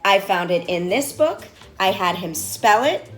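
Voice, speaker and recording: A woman's voice: mid-range voice, animated, unhurried, a bit bright, soft background music. A woman in her forties teaching her young son sight words at home, explaining each step to parents in an encouraging, instructive manner. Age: 40s. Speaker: reading tutor and mother. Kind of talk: home reading lesson with parent tips.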